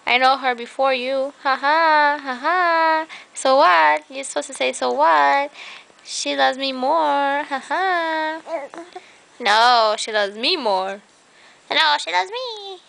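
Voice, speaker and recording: A woman's voice: high voice, slow, gravelly, sharp tone. A young woman in a playful home video, talking to a small child as his aunt in teasing, sing-song baby talk, recorded indoors on a handheld camera.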